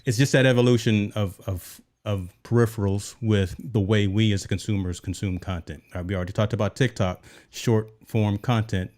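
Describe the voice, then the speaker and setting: A man's voice: on the low side, steady tone, moderate pace, few pauses, darkish tone. A man hosting a tech show, chatting casually and explaining as he goes, often checking in with "right?". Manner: conversational, explains with repeated "right?".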